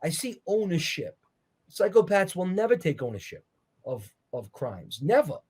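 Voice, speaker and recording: A man sits for an interview and walks through his points in an earnest, preacherly tone. His voice sits a touch higher than most men's. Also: sing-song, moderate pace, darkish tone, breathy edge. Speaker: interview guest, author. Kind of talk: conversational interview.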